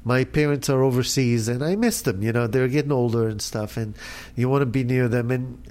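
A man in easy conversation, talking loosely and laughing between thoughts. His voice sits at an ordinary middle pitch, and he fills gaps with "you know" and "huh?". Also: fairly quick. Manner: relaxed, laughs often, fillers like "you know". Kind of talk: casual chat.

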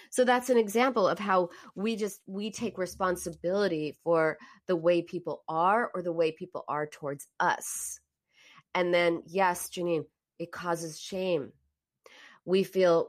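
A woman host talking through listener comments and telling stories in a reflective, anecdotal way, often restarting her sentences. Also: lowish voice. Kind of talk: casual live-stream talk about self-help.

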